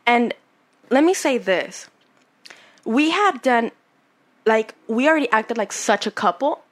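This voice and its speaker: A woman telling a personal story in a casual chat, animated and swearing a lot as she gets heated. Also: fairly high pitch, measured pace. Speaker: podcast guest telling her story.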